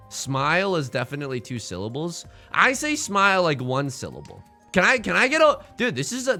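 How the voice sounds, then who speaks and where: A man streaming a mahjong game, chatting casually with his chat in a jokey, animated way with mock-heated rants. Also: fairly high pitch. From born outside the United States. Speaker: Twitch streamer playing mahjong.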